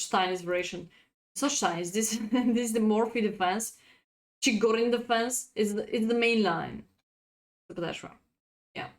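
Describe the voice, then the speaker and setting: A woman chess coach, a native Bulgarian speaker, giving a live-streamed lesson, chatty and laughing often as she reads out chat. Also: medium pitch.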